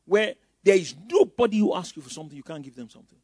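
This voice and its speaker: A man preaching a sermon as pastor, with bursts of loud emphasis and mocking asides. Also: sits high, expressive, fast talker, no echo.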